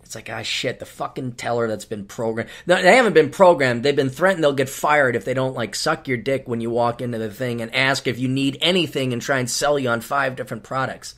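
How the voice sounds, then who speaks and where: A man's voice: mid-range voice, brisk, hardly any pauses, a bit bright. A middle-aged man hosting a podcast, ranting solo in a blunt, profane, sarcastic way. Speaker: podcast host.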